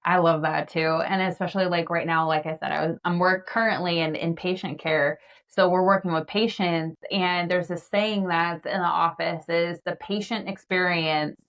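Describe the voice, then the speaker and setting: A woman hosting an interview, sharing relaxed, reflective thoughts in casual chat. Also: on the low side, moderate pace, hardly any pauses, highs cut off. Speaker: podcast host. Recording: distant from the mic.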